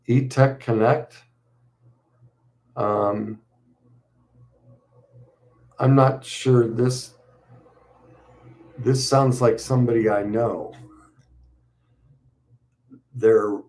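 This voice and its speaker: A middle-aged man talks casually on a livestream, reading viewer comments aloud and chatting back. His pitch sits in the ordinary middle range, and his delivery is loose and conversational, full of ums and restarts. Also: steady tone, extremely slow, pauses often. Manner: reads viewer messages aloud and responds warmly, conversational with fillers. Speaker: YouTube livestream host answering viewer comments.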